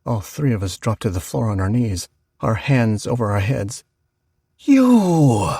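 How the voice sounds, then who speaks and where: A man narrating a horror audiobook, slowing down for the tense moments. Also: lowish voice, creaky, darkish tone, husky, no room sound, clean studio sound.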